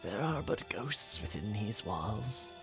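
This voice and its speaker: A man voicing a sinister undead male marquis in a fan voice-over of game dialogue, low, hushed and drawn out, straining his voice. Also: sing-song, vocal fry, over music, full character voice. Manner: low hushed theatrical menace, drawn-out whispers.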